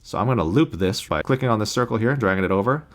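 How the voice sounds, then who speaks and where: A man teaching how to use music recording software in a plain, practical screen-recorded tutorial, recorded on a USB interface mic. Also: fairly low pitch, animated, rapid-fire, background noise. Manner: plain, practical explaining with sung beep demos.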